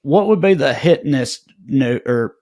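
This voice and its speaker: Man, podcast co-host, casual chat, rambling, filler-heavy, mid-pitched voice. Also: expressive, normal speed, darkish tone. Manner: rambling storyteller, many fillers and restarts.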